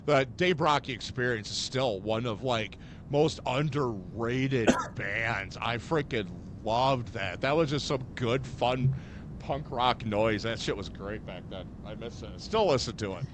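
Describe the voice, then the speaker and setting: A man hosting a podcast, telling stories in a rambling, animated way with many fillers. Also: medium pitch, a little slow, noisy background. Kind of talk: casual chat.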